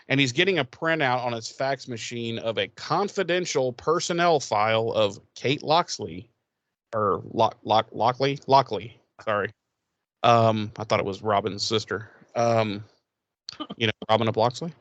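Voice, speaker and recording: A man's voice: mid-range voice, measured pace, no room sound, lo-fi sound. Profane, rambling man recapping an episode. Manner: rambling, profane, laughs often, acts out characters. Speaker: podcast co-host. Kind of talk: casual profane recap chat.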